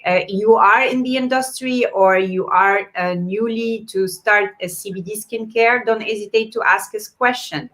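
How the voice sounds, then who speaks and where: A woman's voice: mid-range voice, moderate pace, few pauses. A woman with a non-native English accent, hosting a live online event and reading out viewer comments with many fillers. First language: not English. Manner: warm encouraging, reads viewer comments aloud with fillers. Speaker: host. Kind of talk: live-streamed event chat.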